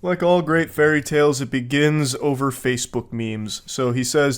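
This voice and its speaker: Male online commentator, deadpan, dry sarcastic read, mid pitch. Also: moderate pace, few pauses. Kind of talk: comedic commentary on text messages.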